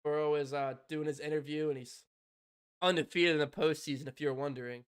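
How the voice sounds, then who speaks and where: A man doing live fan play-by-play on a stream. He swings from loud, shouted excitement to soft, stunned murmuring, with frequent laughter. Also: fairly high pitch, a little fast, smooth. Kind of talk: live fan reaction commentary.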